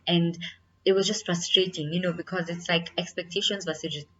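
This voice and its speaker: Young woman, low voice, earnest casual vlog delivery, slightly muffled home recording. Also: fairly even intonation, normal speed, pushed and bright. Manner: candid, earnest, many fillers like "like" and "you know". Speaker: vlogger.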